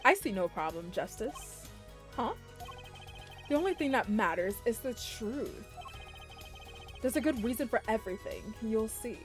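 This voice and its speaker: A woman voicing a calm, cocky young male prosecutor who sounds cool and dismissive. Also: a little high, a little slow, pauses often, soft background music.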